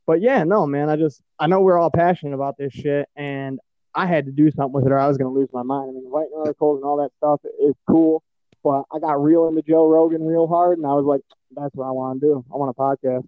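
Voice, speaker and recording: A man's voice: a little high, fairly even intonation, fast, no echo, dull audio. A man from Michigan with a Midwestern American accent, hosting a podcast in casual, profane, rambling chat full of fillers. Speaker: podcast host.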